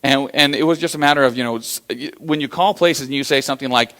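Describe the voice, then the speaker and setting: This motivational business talk comes from an American man with a mid-range voice who speaks fast. He tells stories animatedly, performs the quoted lines, and leans heavily on fillers.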